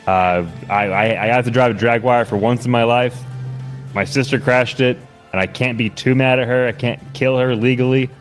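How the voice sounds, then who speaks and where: A man playing a tabletop game, halting and stumbling over his words in casual role-play. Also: medium pitch, fairly even intonation, soft background music. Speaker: player.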